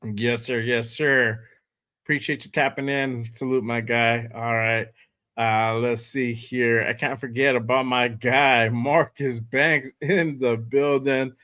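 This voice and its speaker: A man hosting a fan livestream from home, hoarse from a cold, laid-back and greeting viewers by name. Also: mid-range voice, steady tone, slow pace, pushed and bright. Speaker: host of a fan show. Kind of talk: casual livestream chat.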